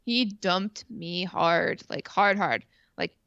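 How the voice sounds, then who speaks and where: A woman's voice: fairly low pitch, takes it slowly, vocal fry, fairly bright tone, dry recording. Chatty Canadian-raised woman, dull dry audio. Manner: rambling, heavy on "like" fillers, swears freely. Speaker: stream co-host. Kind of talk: casual confessional storytelling.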